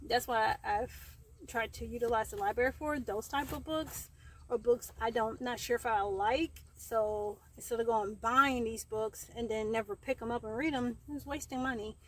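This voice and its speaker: Young woman, chatty and rambling, slightly high voice, a bit out of breath, faint background hiss. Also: fairly even intonation, moderate pace, fairly bright tone, rough recording. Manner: chatty, rambling with fillers and laughs. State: out of breath from heat. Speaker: book vlogger. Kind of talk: casual chat. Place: outdoors in the heat. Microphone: camera framing herself.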